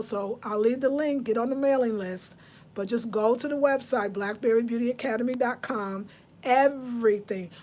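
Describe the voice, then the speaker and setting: A woman in her fifties with a way of speaking, hosting a casual live chat. Her voice sits a little high. She talks to her viewers and answers their comments. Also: a little mellow. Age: 50s. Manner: chatty, reads out viewer comments. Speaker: livestream host.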